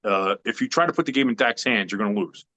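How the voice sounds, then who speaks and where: A man's voice: on the low side, expressive, fast talker, bright, forceful tone. A man co-hosting a sports podcast in casual chat, opinionated and emphatic, rambling with fillers. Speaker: podcast co-host.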